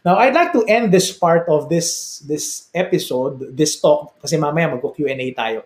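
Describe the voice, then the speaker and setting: A man with a Filipino accent preaching in an energetic, rhetorical sermon style, checking in with his listeners and repeating his key lines for emphasis. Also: fairly high pitch, moderate pace. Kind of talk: sermon-style motivational talk. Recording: roomy echo.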